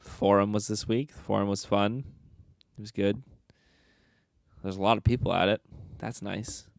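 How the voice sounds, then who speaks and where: Gravelly young man rambling on his podcast. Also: lowish voice, fairly even intonation, moderate pace, no room sound, studio quality. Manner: joking, rambling, self-mocking. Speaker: podcast host. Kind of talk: casual solo podcast chat. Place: bedroom at home. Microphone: podcast microphone.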